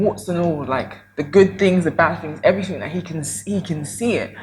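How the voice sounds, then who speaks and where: A woman's voice: fairly low pitch, slight background noise, poor audio. A young woman co-hosting a casual chat with her husband, speaking earnestly and reflectively. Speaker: podcast co-host.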